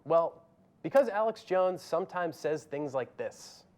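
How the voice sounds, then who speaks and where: A man's voice: high-pitched, lively intonation, normal speed, darkish tone. A man hosting a comedy show, delivering scripted commentary in a dry, sardonic way.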